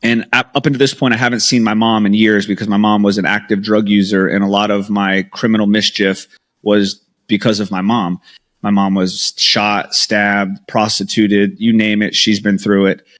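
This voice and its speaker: Man, 30s, low voice, interview guest, candid storytelling, quoted dialogue. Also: level tone, normal speed, a bit bright. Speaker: podcast guest, entrepreneur.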